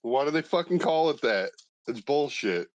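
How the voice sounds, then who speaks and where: A man's voice: a little high, lively intonation, normal speed, no room sound, lo-fi sound. An American man chatting casually with crude, sarcastic jokes. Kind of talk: casual chat.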